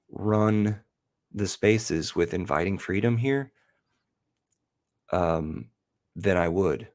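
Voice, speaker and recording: Slow, gravelly-voiced man rambling. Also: low voice, darkish tone. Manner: rambling, self-interrupting. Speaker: podcast host. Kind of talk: casual rambling chat.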